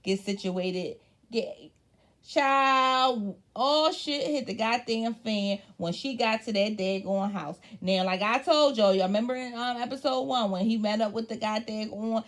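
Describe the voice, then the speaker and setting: Profane, animated woman recapping reality TV. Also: a little high, unhurried. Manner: blunt, profane, animated storytelling. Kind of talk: casual recap chat.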